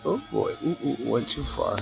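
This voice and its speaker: A man's voice: medium pitch, sing-song, moderate pace, creaky, music in the background. A man filming outdoors by his car, muttering aloud to the animals and to himself while he shoots on a handheld camera. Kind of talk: casual self-talk while filming.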